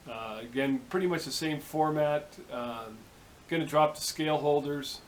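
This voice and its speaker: A man's voice: on the high side, moderate pace, rough recording. Easygoing male shop host, rambling delivery full of fillers, faint background hiss. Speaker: workshop video host. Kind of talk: casual rambling vlog talk. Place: home workshop.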